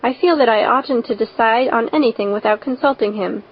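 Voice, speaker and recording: A woman voicing a stern, practical older woman who speaks in a brisk, scolding way. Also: fairly high pitch, slightly rough. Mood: measured. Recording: dull lo-fi recording.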